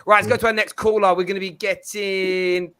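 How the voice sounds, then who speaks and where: A man's voice: high-pitched, level tone, a little fast, sharp tone, clear, resonant tone. A man hosting a football fan show, bantering and reading out viewer comments. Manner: playful banter, reads out comments. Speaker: host. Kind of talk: fan reaction show chat.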